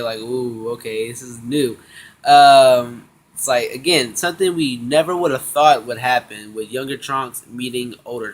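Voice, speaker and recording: A man casually recapping an anime episode, slangy and excitable, acting out the characters' lines in quick bits. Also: mid-range voice. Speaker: anime review vlogger.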